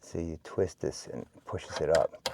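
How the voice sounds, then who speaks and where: A man's voice: very deep voice, moderate pace, gravelly, noisy background. A man narrating a do-it-yourself video from a cramped crawl space, chatty and joking with viewers while breathing heavily from the work. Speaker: DIY vlogger. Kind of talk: casual how-to vlog narration.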